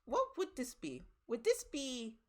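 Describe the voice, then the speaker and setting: A woman's voice: sits high, huge pitch swings, slow. A woman narrating as game master of a tabletop game, rambling with many fillers and restarts.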